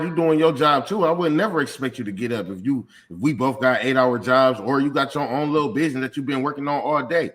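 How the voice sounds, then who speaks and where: A man's voice: medium pitch, fairly bright tone. Profane man arguing his point. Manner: profane, emphatic, argues in long build-ups. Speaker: podcast co-host. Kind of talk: heated casual debate.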